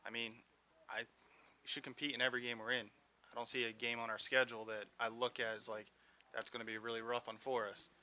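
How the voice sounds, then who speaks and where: A male football coach talking plainly about his team, using short, practical answers. His voice is strikingly bright and sharp. His pitch sits in an ordinary middle range. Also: level tone, fast talker. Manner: matter-of-fact and plain-spoken. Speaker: high school football coach. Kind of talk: casual interview answers.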